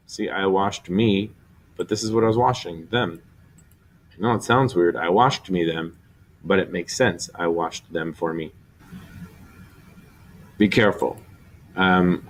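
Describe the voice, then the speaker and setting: A man teaching a recorded Spanish grammar lesson, explaining step by step and slowly spelling out syllables. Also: sits low.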